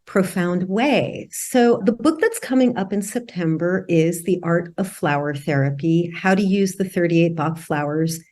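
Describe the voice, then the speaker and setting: Earnest woman author explaining gently. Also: lowish voice, a little slow, few pauses. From United States. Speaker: guest, author and healer. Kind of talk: interview conversation.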